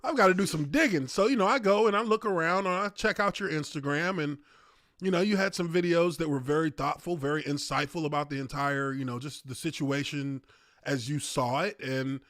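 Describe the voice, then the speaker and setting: A man with a high, bright voice hosts a podcast in loose, casual chat. He tells his stories with animated, profane energy. The sound is dry and close, with no room in it. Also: a little fast, no room sound. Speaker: podcast host.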